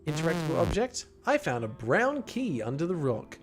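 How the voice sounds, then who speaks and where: Playful man, gaming livestream host, lively up-and-down voice. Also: a little high, normal speed, music in the background. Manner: playful, jokey, chatty with viewers. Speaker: streamer.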